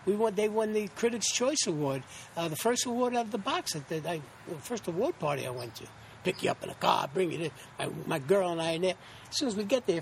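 A man with a notably high voice spins his show-business stories in a loose, rambling way, stopping and restarting as he acts out other people's lines. He sounds middle-aged, and a faint noise floor sits under the conversation. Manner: rambling, animated anecdotes with acted-out quotes and many restarts. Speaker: actor and interview guest. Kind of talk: casual interview storytelling.

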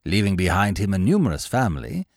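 Male storyteller for a classic audiobook, lower voice, very lively intonation, dry close studio sound. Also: dry recording. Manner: expressive, measured storytelling. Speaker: narrator. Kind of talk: audiobook reading of a classic tale.

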